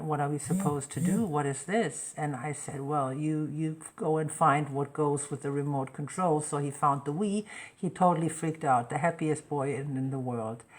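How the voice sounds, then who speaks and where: Middle-aged woman host with a low voice, chatting on a live stream and performing every line of her stories. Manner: lively storyteller who acts out quoted dialogue. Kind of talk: casual live-stream storytelling.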